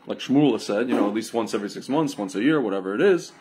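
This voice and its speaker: A man's voice: fast, few pauses, a little hiss or hum. A man giving a rambling, casual livestream monologue to his viewers, often calling them "my friends" and "guys" and slipping into mocking impressions. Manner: animated, jumps into mocking high-pitched impressions. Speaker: online commentator.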